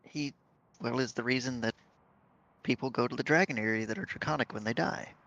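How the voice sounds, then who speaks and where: A man playing a tabletop game, relaxed and casually explaining things to the table. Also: mid-range voice, fairly quick, vocal fry, dull audio. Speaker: player.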